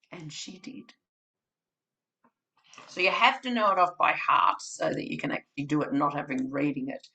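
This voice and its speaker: A woman's voice: sits low, expressive, normal speed, creaky, long pauses, pushed and bright, highs cut off. A woman presenting a webinar for childcare educators, demonstrating storytelling with props and acting out story voices and sounds. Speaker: webinar presenter for family day care educators.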